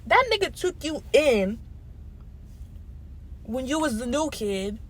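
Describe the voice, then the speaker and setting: A woman's voice: high-pitched, lively intonation, slow pace, breathy edge. A young woman vlogger ranting casually, swearing and laughing between phrases. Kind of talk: casual rant. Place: parked car.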